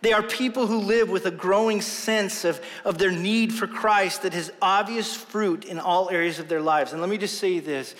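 A man's voice: high voice, normal speed, few pauses, a bit bright. A man preaching a sermon as pastor, earnest and emphatic, with self-deprecating jokes. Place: church sanctuary. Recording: long reverb of a large hall.

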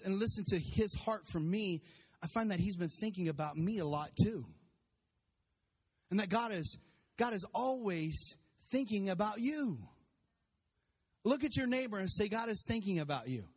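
A man in his forties preaching a sermon as pastor, emphatic, repeating refrains and laughing at times, recorded in a church. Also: sits high. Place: church sanctuary with congregation. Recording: long hall reverb.

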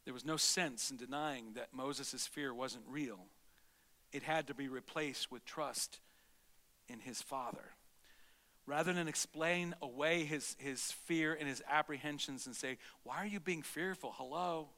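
A middle-aged man preaching a sermon as pastor, animated, swinging between loud exclamations and soft, low asides. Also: measured pace. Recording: long reverb of a large hall.

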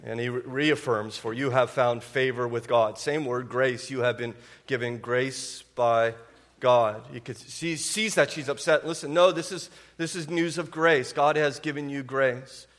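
A man's voice: medium pitch, normal speed, few pauses, fairly bright tone. A man preaching a sermon in a conversational way, often asking the congregation rhetorical questions and restarting his phrases. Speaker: pastor.

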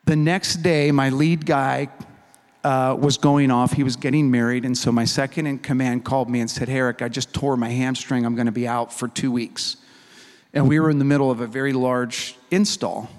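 A man preaching a sermon as a humorous, animated storyteller who acts out the people in his story. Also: medium pitch, moderate pace. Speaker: pastor. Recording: reverberant hall recording.

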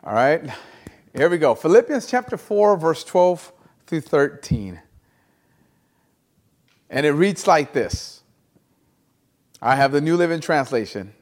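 A man with a high-pitched voice preaches to an online congregation. He drives his point home with repetition and call-and-response, urging listeners to say the lines back to him. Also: big pitch swings, a little slow, long pauses, a little mellow. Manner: emphatic call-and-response preaching, repeating phrases. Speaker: guest pastor. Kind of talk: online sermon.

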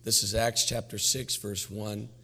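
Man, pastor, sermon, weak tired voice, folksy jokes, lowish pitch. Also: little pitch movement, unhurried, bright, forceful tone, long reverb tail. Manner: folksy, joking preacher.

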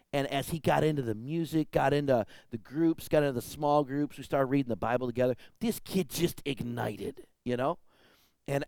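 A man preaching a sermon with stories, lively and conversational, often checking in with "right?" and "you know?". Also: clear, resonant tone, no echo. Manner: lively, swings pitch and loudness for emphasis. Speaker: pastor. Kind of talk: sermon with storytelling.

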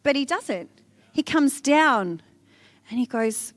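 A woman giving an animated, conversational devotional talk, speaking directly to her listeners. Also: high voice, slow, pauses often, no room sound.

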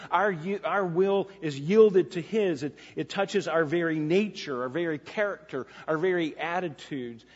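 A man's voice: a little high, breathy edge. A man preaching a sermon as pastor, earnest and repeating phrases for emphasis. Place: church sanctuary. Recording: lo-fi church recording with long reverb.

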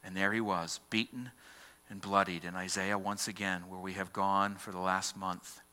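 In a church, a male pastor delivers a sermon with a fairly low voice that has a forceful, bright edge. His dramatic style swings between ringing emphasis and hushed near-whispers, though the delivery is also described as flat, smooth, and moderately paced.

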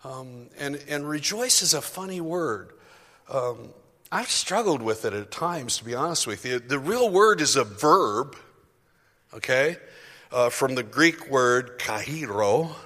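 A male pastor delivers a chatty, self-deprecating sermon full of asides to his congregation in a church sanctuary, the hall's long reverb trailing each line. His mid-range voice is expressive, pushed and bright, and he takes it slowly.

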